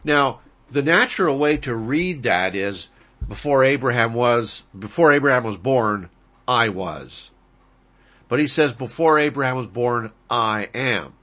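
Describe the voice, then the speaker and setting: A male preacher works through a Bible passage at an unhurried pace. His voice is bright and forceful, and he lingers over Greek words before driving home the key declarations with emphasis. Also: mid-range voice, expressive. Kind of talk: sermon, expository Bible teaching.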